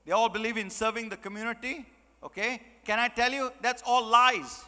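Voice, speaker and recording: Man giving a fired up speech, bright sharp voice, lots of rhetorical questions, big hall reverb. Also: extremely high pitch, steady tone, normal speed. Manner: emphatic, rhetorical questions, repetition. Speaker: guest speaker. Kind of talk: motivational speech.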